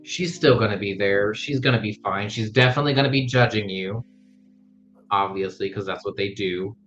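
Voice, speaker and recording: Man with a low, bright voice; reassuring jokester on a lo-fi mic. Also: normal speed, faint music behind. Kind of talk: casual podcast chat. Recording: dull lo-fi mic.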